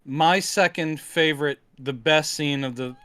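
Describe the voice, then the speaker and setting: A man co-hosting a casual podcast chat, retelling movie scenes with animated, jokey delivery. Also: a little high, a little slow, no room sound. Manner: animated, acts out scenes in silly voices. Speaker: podcast co-host.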